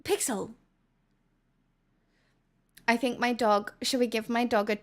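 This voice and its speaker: A woman's voice: on the high side, steady tone, slow, long pauses. Playful Australian woman streamer. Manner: chatty, playful, self-mocking. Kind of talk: casual livestream chat.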